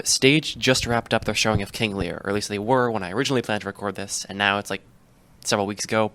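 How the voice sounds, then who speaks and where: A teenage boy hosting a school podcast in an upbeat, chatty way, sometimes speeding up and sometimes slowing down. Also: on the low side, a bit bright. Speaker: podcast host. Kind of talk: casual podcast chat.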